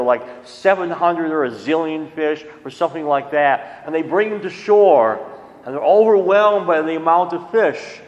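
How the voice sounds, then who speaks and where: A man's voice: a little high, reverberant, in a large hall, lo-fi sound. A man giving a sermon as a priest, in a conversational way with folksy asides. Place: church.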